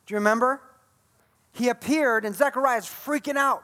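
A man preaching a sermon as a pastor, retelling Bible stories in an animated way and acting out the scenes. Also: extremely high pitch, normal speed.

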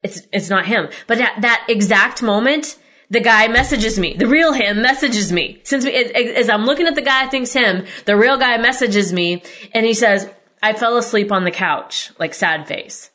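A woman's voice: a little high, normal speed, sharp tone. A woman hosting a podcast, telling a personal story in a candid, exasperated way and swearing freely. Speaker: podcast host.

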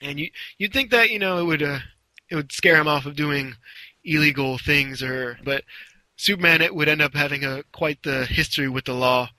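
Guy telling a story, really bright voice, dry close sound, kinda rambly. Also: on the high side, moderate pace, dry recording, low-quality recording. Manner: rambling, with restarts and acted-out quotes. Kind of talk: casual storytelling.

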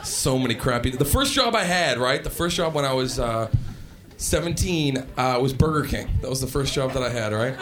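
A man doing stand-up comedy, telling stories in an animated way and acting out characters. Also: medium pitch, normal speed. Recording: live stand-up with roaring crowd and noise.

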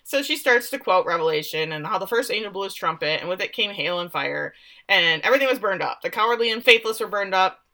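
A woman's voice: medium pitch, fast. A woman co-hosting a podcast, animatedly recapping a TV episode and acting out characters' lines. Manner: animated, laughs often, acts out characters' lines. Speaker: podcast co-host recapping a show. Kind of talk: casual chat.

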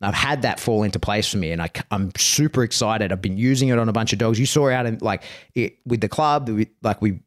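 A man's voice: fairly low pitch, brisk. A man hosting a podcast about dog training, chatting casually and rambling, peppering his talk with "right?" and "like" and the odd swear word.

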